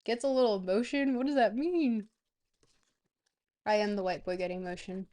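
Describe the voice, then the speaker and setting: A woman streamer chatting casually to her viewers, rambling between bites and filling pauses with ums. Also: medium pitch, mellow.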